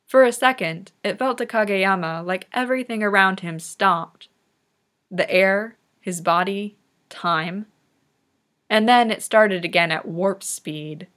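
A woman reading fan fiction aloud in soft, unhurried narration. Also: medium pitch. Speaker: reader.

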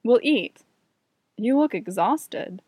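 A woman's voice: fairly high pitch, lively intonation, slow pace, a little mellow, breathy edge, no room sound, full character voice. A woman voicing a charming, slightly nervous young man in a read-aloud story, playful and coaxing.

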